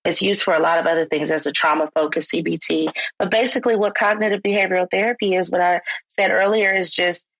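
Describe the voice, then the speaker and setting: Female clinician guest, informal and explanatory, husky voice, dry close sound. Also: on the low side, steady tone, fast talker, hardly any pauses, fairly bright tone, no echo, poor audio. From United States. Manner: conversational, acts out quoted speech, informal phrasing. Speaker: licensed clinical social worker, guest. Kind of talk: podcast interview.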